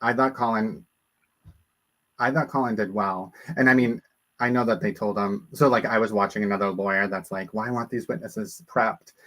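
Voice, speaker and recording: A man's voice: fairly low pitch, steady tone, moderate pace, a bit bright. A man in casual chat, indignant and rambling, with many fillers.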